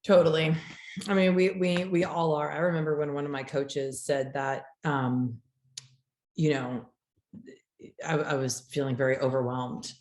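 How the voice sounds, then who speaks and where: A woman's voice: low voice, fairly even intonation, unhurried, darkish tone. A woman coach hosting a casual conversation, reflecting aloud and explaining with rhetorical questions. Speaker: coach and host. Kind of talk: casual chat. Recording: echoey room.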